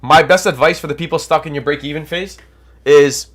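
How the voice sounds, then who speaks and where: A young Canadian man hosts a trading livestream, reading viewer comments and coaching chat in a hyped, casual, energetic way. His voice is a little high and a little fast, and his nose is stuffed up from allergies.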